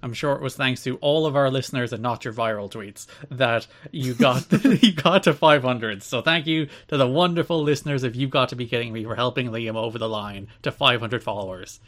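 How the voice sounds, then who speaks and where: Young male co-host, mid pitch, dry teasing wit. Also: a little fast, hardly any pauses, fairly bright tone. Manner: dry teasing, mock outrage. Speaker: podcast co-host. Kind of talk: casual podcast banter.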